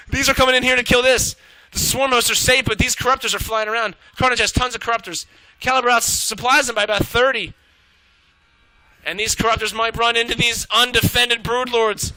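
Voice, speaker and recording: A man shoutcasting a live strategy game match, excitable and swearing freely as he calls the action. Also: very high-pitched, no room sound, low-quality recording. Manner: excitable, swearing, rapid reactions. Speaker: esports shoutcaster. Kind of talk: live play-by-play game commentary.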